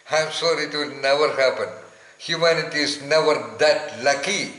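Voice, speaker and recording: A man giving an informal spiritual talk to listeners, emphatic and rambling, often pausing to search aloud for words. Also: on the high side, a bit bright, echoey room, poor audio.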